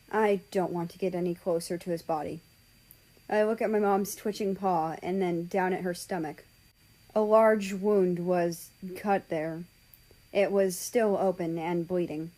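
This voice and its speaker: A woman reading a fan story aloud in slow, measured narration. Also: mid-range voice, darkish tone, low-quality recording. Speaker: story reader.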